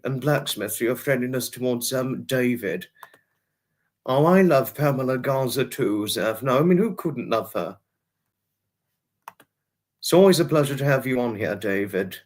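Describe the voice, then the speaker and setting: A man hosting a casual livestream, rambling chattily and greeting viewers by name. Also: medium pitch. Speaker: livestream host.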